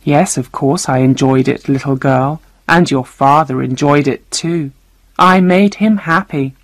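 Soft cruel female terrorist, read by a woman, low voice, slow, dry sound. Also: no echo.

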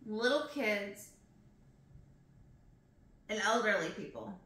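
A young woman reading poems aloud slowly and expressively, breaking off into emotional, chatty asides. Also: mid-range voice, lively intonation, sharp tone. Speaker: poetry reader. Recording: roomy echo.

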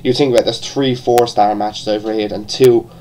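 A man's voice: fairly low pitch, steady tone, moderate pace, warm tone, a little hiss or hum, low-quality recording. A man with an Irish accent giving a casual, rambling review, full of restarts and the odd swear word. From born in England, raised partly in Ireland. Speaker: wrestling show reviewer.

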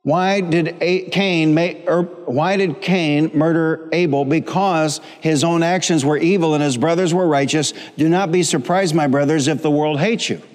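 A middle-aged male pastor with a slightly high voice preaches at a moderate pace, with few pauses. His sermon mixes humor and repetition and calls for responses from the congregation. It was recorded in a church sanctuary with a long church hall reverb.

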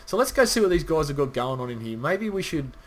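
A gaming channel host, male, talks fast in a slightly high voice with wide swings in pitch. He rambles casually over his gameplay, cursing now and then and speaking directly to his viewers.

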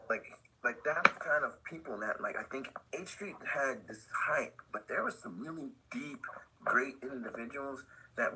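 A middle-aged man, a veteran pro skater, telling rambling animated stories as a podcast guest. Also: mid-range voice, breathy edge, low-quality recording. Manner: rambling, animated, full of "like" and laughs. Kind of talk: casual storytelling in a podcast interview.

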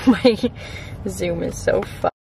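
A woman's voice: medium pitch, slow, background noise. Chatty young woman vlogging on a phone. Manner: chatty, excitable, swears freely. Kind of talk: casual vlog chat to camera.

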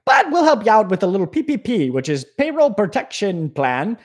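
A man's voice: sits high, sing-song, a little fast, heavily acted. A man playing a goofy, folksy Uncle Sam. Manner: goofy, folksy, hand-waving. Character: jokey male Uncle Sam, government spokesman.

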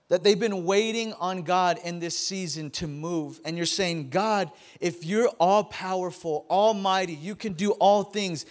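A man in his thirties preaching a casual, joking sermon to his congregation in a church, often stammering and repeating words. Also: high-pitched. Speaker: pastor. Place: church sanctuary.

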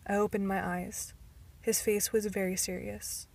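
A woman reading a novel aloud as an amateur audiobook, in careful first-person narration that sometimes stumbles and sometimes drops to a soft whisper. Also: medium pitch, flat delivery, normal speed, vocal fry.

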